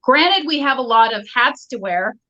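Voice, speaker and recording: Entrepreneur lady cohosting, chatty, bright sharp voice, lo-fi remote call sound. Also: fairly high pitch, expressive, normal speed. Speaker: podcast co-host, entrepreneur. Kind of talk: casual business talk. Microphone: remote connection, delayed line. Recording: dull lo-fi online call audio.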